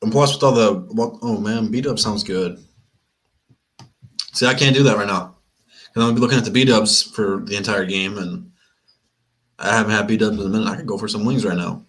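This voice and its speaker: A man's voice: fairly low pitch, fairly even intonation, fairly quick, pauses often, a bit bright. A young man from Michigan hosting a live sports watch-party stream, chatting casually and rambling with plenty of restarts. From Flint, Michigan. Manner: rambling, chatty, laid-back, repeats himself. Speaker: sports livestream host.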